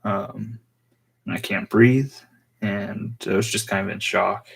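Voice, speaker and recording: A young man telling a personal story on his vlog in a rambling, halting way full of fillers. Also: fairly low pitch, steady tone, vocal fry, husky. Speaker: vlogger.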